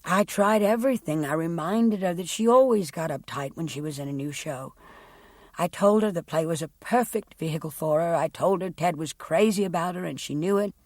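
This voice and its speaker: A woman voicing a young woman testifying about her sister in an audiobook, speaking quietly and haltingly. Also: lowish voice, no room sound, clean studio sound, close to an everyday voice. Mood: distressed. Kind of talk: audiobook character reading.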